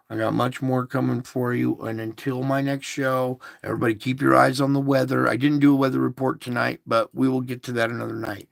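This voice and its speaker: A man's voice: mid-range voice, gravelly, dry recording, studio quality. A man hosting an online show, talking in a casual, preachy monologue with emphatic rhetorical questions, recorded on a phone or laptop.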